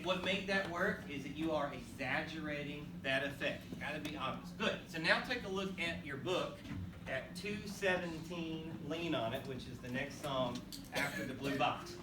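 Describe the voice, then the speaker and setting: A man's voice: on the high side, moderate pace. A man teaching a school band class, counting off beats, calling on students and encouraging them to exaggerate the accents. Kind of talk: classroom instruction. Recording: echoey room, voice from far off, noisy. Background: students and instruments.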